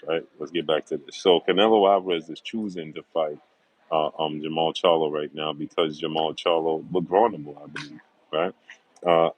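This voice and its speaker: Speaking low-pitched over poor audio, a middle-aged man hosts a sports livestream. He greets viewers by name and repeats his confident, emphatic predictions for stress.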